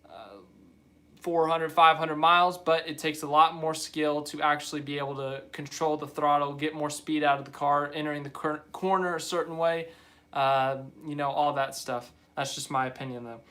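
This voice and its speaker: Young man, live stream host, rambling casual talk, bright tone, slightly high voice. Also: fairly even intonation, moderate pace. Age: young adult. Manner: rambling, chatty, reads viewer comments aloud.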